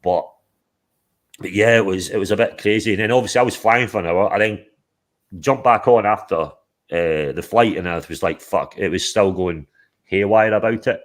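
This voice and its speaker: Guy hosting a stream, low voice, rambles and swears a lot. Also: normal speed. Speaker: livestream host. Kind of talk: casual chat.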